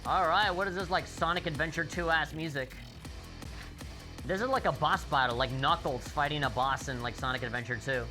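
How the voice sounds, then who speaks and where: A young man streaming a rhythm game, telling a rambling, profane story. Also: on the high side. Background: faint game music.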